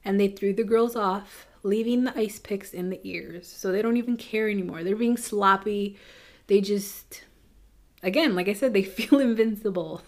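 A woman hosting a podcast, telling a true crime case in a casual, chatty way with quick asides. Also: mid-range voice, a little mellow. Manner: chatty, fast asides with nervous laughs. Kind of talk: casual storytelling.

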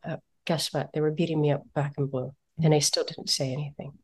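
A woman's voice: low-pitched, a little fast, hardly any pauses, noisy background. A woman in her forties talking casually on a parenting podcast, telling personal stories and acting out the voices of the people in them. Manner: animated storyteller, acts out quotes. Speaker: parenting guest.

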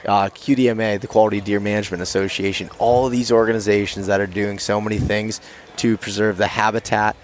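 Man, low voice, casual podcast host, rambling, faint ambient noise outdoors. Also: fast talker. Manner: relaxed, rambling with many fillers. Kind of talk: casual interview chat. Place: outdoor archery event.

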